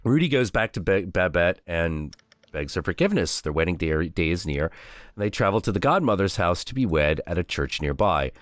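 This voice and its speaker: A man hosting a stream, retelling stories in an animated, casual, profane way. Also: low-pitched, a little fast, no echo, clean studio sound. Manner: animated, profane, with frequent restarts. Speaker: host. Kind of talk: casual storytelling chat on a stream.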